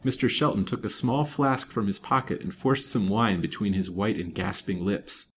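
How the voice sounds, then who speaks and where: A man reading a serialized novel aloud in a measured, expressive way. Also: fairly low pitch, a little hiss or hum. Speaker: storytime reader.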